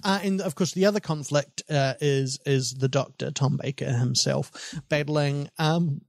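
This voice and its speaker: A man co-hosts a relaxed film podcast, rambling through his thoughts with frequent ums and self-deprecating jokes. His voice sits a little high for a man. The sound is close and dry, with no room around it. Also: measured pace, vocal fry, no room sound. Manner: rambling, self-mocking, lots of fillers. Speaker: podcast co-host. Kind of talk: casual film discussion.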